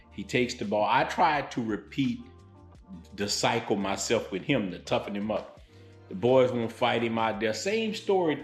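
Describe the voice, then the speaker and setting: A man from Louisiana telling stories on his vlog in a blunt, animated, street-style way. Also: medium pitch, echoey room. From Louisiana, United States. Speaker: vlogger. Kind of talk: storytelling vlog.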